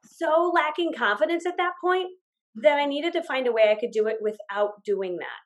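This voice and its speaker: A woman with a notably high voice, chatting as a podcast guest. She tells her stories with lots of energy, slipping into little acted-out bits of her own past dialogue. She laughs readily and strings her thoughts together with plenty of "like"s. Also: animated. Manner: quick run-on delivery with many fillers. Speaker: guest, business owner. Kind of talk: casual interview storytelling.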